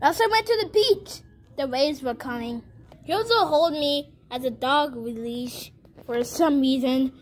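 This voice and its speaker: A woman voicing a small, naive, earnest baby toy in a homemade toy story, telling its tale in a rambling, halting way with many restarts. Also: high voice. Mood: plain.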